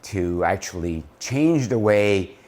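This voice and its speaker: Male founder vlogging a motivational talk: slow-paced, expressive pitch, out of breath at times. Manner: coaching slow push-ups, counting aloud, laughing often; reflective, drops low and soft to make points. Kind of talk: casual motivational vlog talk.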